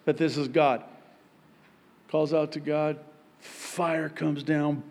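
A man preaching a sermon as pastor, telling the story in an animated way and acting out the voices of the people in it. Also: on the high side, takes it slowly, pauses often. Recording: long hall reverb.

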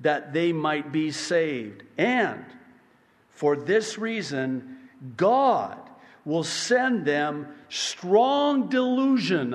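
A man preaching a sermon as pastor, emphatic, swinging between loud yelling and hushed, quiet passages. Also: high-pitched, in a large hall.

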